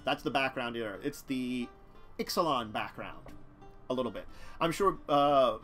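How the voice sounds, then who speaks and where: Chuckling and chatting with his viewers, this man rambles casually about a card-game deck during a live stream. His medium-pitched voice is a little slow and a bit bright, and faint music plays in the background.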